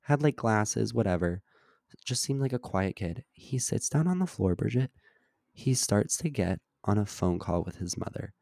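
A man's voice: fairly low pitch, animated, normal speed, gravelly, darkish tone, no room sound, studio quality. A young man co-hosting a casual podcast, telling a long story with many "like" fillers and acting out overheard lines. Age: young adult. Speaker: podcast co-host. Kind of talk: casual chat.

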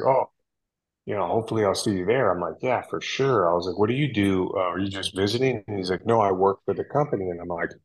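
A man's voice: deep voice, rough recording. A man, a firefighter guest on a podcast, telling a story casually with lots of fillers and acted-out quotes. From United States. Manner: relaxed, animated retelling with many fillers and quoted dialogue.

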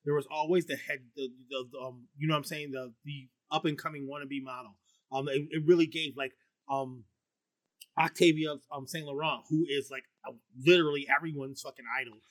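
A middle-aged man with a baritone voice, chatting casually and profanely as a podcast co-host, high and rambling with many fillers and restarts. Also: fairly even intonation, fairly quick, a bit bright, no echo. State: high on marijuana. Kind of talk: casual chat.

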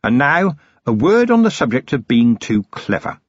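A stern middle-aged police commander, voiced by a male narrator, quietly menacing and dryly ironic, his husky voice rising and falling with lively emphasis. It is an audiobook read on a close, dry mic, and the recording sounds slightly dull and lo-fi. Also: mid-range voice, normal speed, no room sound, pitched above the performer's own voice. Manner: quietly threatening, clipped and ironic. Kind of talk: audiobook character reading.

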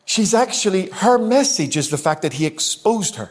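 Fairly quick and fairly high-pitched, with big pitch swings, a Northern Irish guest preacher with a matching accent addresses a live congregation in a church hall. He preaches emphatically and repetitively, posing rhetorical questions to the room.

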